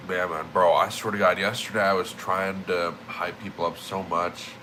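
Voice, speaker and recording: A man's voice: sits low, flat delivery, moderate pace, pushed and bright, a little hiss or hum, poor audio. A young man livestreaming, just woken up, rambling and swearing with emphatic repeated words. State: just woke up. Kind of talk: casual streaming rant.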